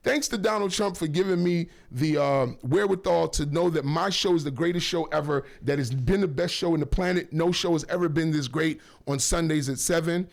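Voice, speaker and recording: A man hosting a casual talk radio show, rambling and joking with lots of shout-outs and self-corrections, on a studio microphone. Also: fairly high pitch, fairly quick, gravelly, hardly any pauses.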